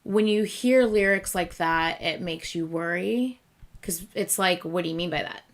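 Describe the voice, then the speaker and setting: A woman's voice: fairly low pitch, unhurried. A woman hosting a reaction video, talking in an earnest, emotional way with lots of restarts and fillers. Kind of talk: casual reaction commentary.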